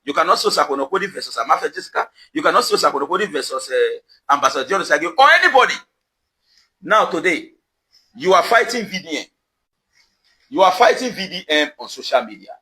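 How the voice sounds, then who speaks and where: Nigerian man, confrontational vlog rant, high lively pitch, bright sharp voice, repeats questions. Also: fast, low-quality recording. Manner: emphatic, accusatory, repeats questions for effect. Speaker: social media commentator. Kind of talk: confrontational direct-to-camera rant. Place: outdoors at his house compound.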